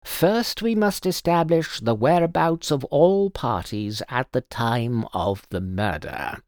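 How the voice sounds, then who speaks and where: A man voicing a silver-haired gentleman detective who speaks in a measured, authoritative and sly way. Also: medium pitch, expressive, no echo, clean studio sound. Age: older. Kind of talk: audiobook character voice.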